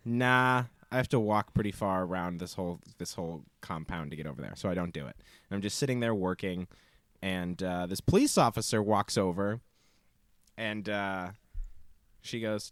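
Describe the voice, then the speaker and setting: A man's voice: sits low, moderate pace, no echo, studio quality. A man co-hosting a podcast, telling a story casually with many ums and acted-out quotes. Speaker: podcast co-host.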